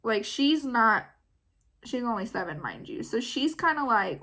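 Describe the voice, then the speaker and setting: A mother vlogging, retelling a story in a casual, animated way full of "like". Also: fairly high pitch, measured pace. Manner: animated, filler-heavy retelling with many "like"s.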